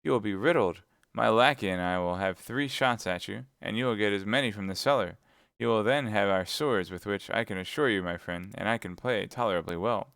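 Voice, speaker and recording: Brief: male reader as a daring young swordsman, firm and commanding, low smooth voice. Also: fairly quick, a bit bright, dry recording, studio quality. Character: bold young male musketeer, quick-witted and commanding.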